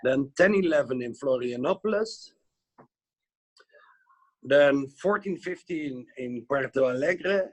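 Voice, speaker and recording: A Dutch-accented man talking casually as a guest on a video call, his voice mid-pitched and a little breathy. He rambles along with plenty of "you know, like", stopping and restarting his sentences. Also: expressive, takes it slowly, pauses often. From Netherlands. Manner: chatty, hesitant, with lots of "you know, like" fillers. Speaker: guest instructor.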